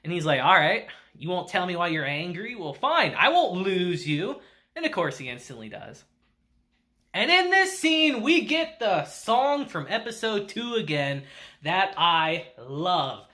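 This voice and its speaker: This is a man reviewing an anime episode in a relaxed, chatty way. His voice is bright and forward, and his pitch leaps around as he acts out the characters' lines. He laughs a lot and drops casual swears. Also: measured pace.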